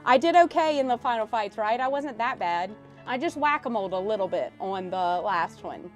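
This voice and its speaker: A woman game streamer chatting casually on a live stream and telling stories animatedly, her voice swinging between loud and soft. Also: a little high, animated, normal speed, faint music behind.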